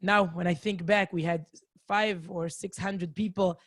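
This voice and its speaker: A woman's voice: on the low side, steady tone, a little slow, dry recording, studio quality. A woman from Israel with an Israeli accent, giving a chatty, self-mocking talk to a community over a video call. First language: Hebrew. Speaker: guest lecturer. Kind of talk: lively storytelling talk to a community. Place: home in a city, indoors.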